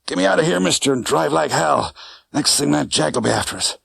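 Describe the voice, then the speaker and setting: A man's voice: a little high, lively intonation, brisk, gravelly, a bit bright, slightly rough, voice pushed up, full character voice. A man voicing a wounded cab driver who talks urgently through clenched teeth. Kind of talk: audiobook character voice.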